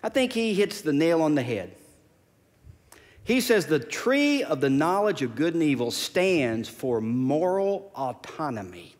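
A man's voice: fairly high pitch, big pitch swings, unhurried, long reverb tail. A pastor preaching a sermon, emphatic and repeating his key phrases. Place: church sanctuary.

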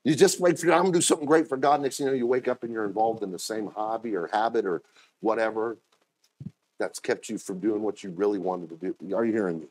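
Speaking a little fast in a slightly mellow voice, a man delivers a sermon as pastor. He tells stories and performs quoted voices, his pitch leaping suddenly.

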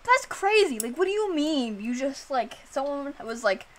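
A woman streamer chatting casually, animated and swearing, filling her talk with "like.". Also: sits high, moderate pace. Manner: animated, swearing, heavy use of "like".

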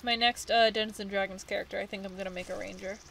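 A woman's voice: medium pitch, fairly even intonation, quick pace, gravelly, fairly bright tone, slight background noise. A woman giving casual let's play commentary, chatty and thinking aloud, with the odd swear.

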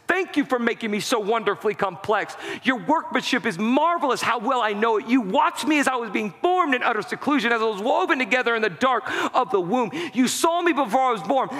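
A man preaching a sermon as pastor, with impassioned delivery that rises to shouting at its peaks. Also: sits high. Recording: long hall reverb.

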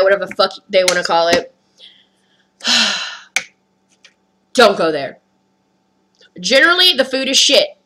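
A woman's voice: medium pitch, pushed and bright, poor audio. A woman vlogger ranting through a storytime with heavy swearing, upset and rattled. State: upset, skin crawling. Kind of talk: storytime rant.

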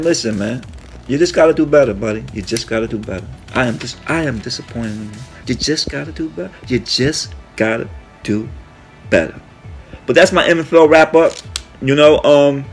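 Brash, profane sports talk host. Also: male voice, mid-range voice. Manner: profane, brash trash talk with shout-outs; hums "mm, mm" between topics. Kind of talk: casual sports commentary monologue.

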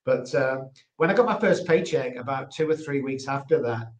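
The English guest's mid-range voice carries lively intonation at a moderate pace as he shares a candid testimony. Earnest and repetitive for emphasis, he is recorded in a roomy space with echo.

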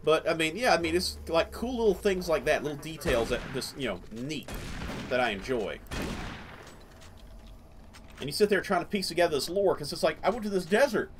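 Male gaming host, somewhat high voice, loose chatty commentary, faint game sound behind. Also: big pitch swings, brisk, a little hiss or hum. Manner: rambling, lots of fillers and laughs. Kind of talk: casual let's-play commentary.

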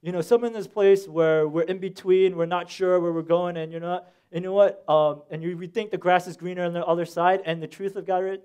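High-voiced young man preaching a sermon. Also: a little fast, few pauses, clear, resonant tone. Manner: animated storytelling, slangy asides. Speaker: pastor.

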